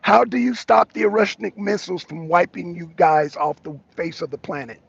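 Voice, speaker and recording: A man's voice: high voice, normal speed, gravelly, slightly rough, dry recording. A man hosting a talk show in a casual live debate, mocking his guest and repeating himself for emphasis, heard over dull lo-fi stream audio.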